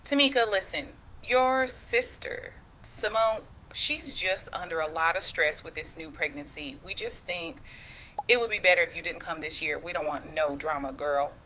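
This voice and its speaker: A woman doing a cold, smooth-talking mother. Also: sits low, moderate pace, a little hiss or hum, rough recording. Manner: quiet and smooth. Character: cold, dismissive middle-aged mother.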